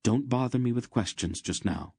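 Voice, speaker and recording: A man voicing a stern woman healer-sorceress who gives brisk, sharp orders in a raised voice. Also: mid-range voice, expressive, breathy edge, no room sound, clean studio sound, pitched above the performer's own voice. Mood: commanding.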